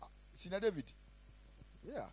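A man preaching a sermon as pastor, emphatic, repeating phrases and swinging between loud and quiet. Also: sits high, sing-song, normal speed, breathy edge. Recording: faint music behind.

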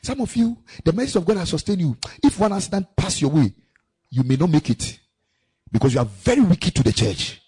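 A man's voice: on the high side, fairly quick, breathy edge. A man preaching a sermon at a church camp, telling stories and acting out the voices of the people in them. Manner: animated storytelling preacher, acting out quoted voices. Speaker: pastor.

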